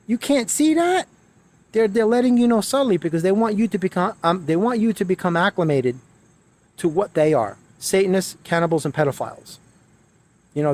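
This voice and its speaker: A man's voice: on the high side, darkish tone. A man delivering an urgent, emphatic monologue to viewers, often repeating phrases for emphasis. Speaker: spiritual video creator. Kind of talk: preachy monologue to camera.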